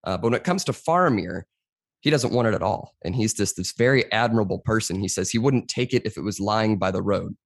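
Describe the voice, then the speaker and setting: A man's voice: fairly low pitch, lively intonation, fairly quick, gravelly, breathy edge, no room sound, clean studio sound. A young man speaking as a podcast guest, explaining at length in a casual conversation and often saying "you know".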